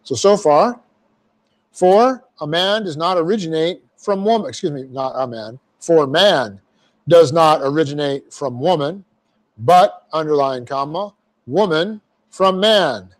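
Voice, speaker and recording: A man's voice: a little high, lively intonation, a little slow. A man teaching a verse-by-verse Bible class, explaining Greek grammar step by step with folksy asides. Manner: folksy asides, repeats phrases for emphasis.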